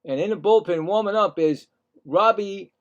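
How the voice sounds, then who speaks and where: A man calling live baseball play-by-play in a slightly higher register. He chats casually between pitches and gets louder and more excited when the action picks up. Now and then he voices the players' thoughts in quick asides. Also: muffled recording. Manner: excitable, jumps louder on big plays, chatty asides. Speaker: play-by-play commentator.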